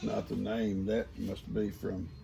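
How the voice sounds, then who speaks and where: A grandfather vlogger reads viewers' mail outside on a farm, rambling in a folksy way and breaking off mid-sentence to talk to his grandkids. He speaks slowly with a level tone, his voice on the low side and creaky, over heavy background noise.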